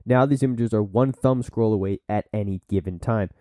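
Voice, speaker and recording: A man's voice: fairly low pitch, a little fast, warm tone, no echo. A man hosting a solo podcast, reading from sources and breaking off into blunt asides and silly put-on voices. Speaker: podcast host.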